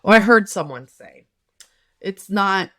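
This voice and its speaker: A woman's voice: mid-range voice, animated, takes it slowly, a bit bright. A middle-aged woman doing a tarot reading, talking casually in a rambling way with many fillers and restarts. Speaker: tarot reader and nurse health coach.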